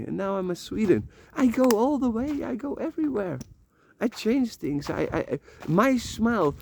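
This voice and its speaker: Rambling man, dark voice. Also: high voice, gravelly, slight background noise. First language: Dutch. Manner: rambling, repeats words, swears casually. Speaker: vlogger. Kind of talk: emotional personal vlog monologue. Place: rented room.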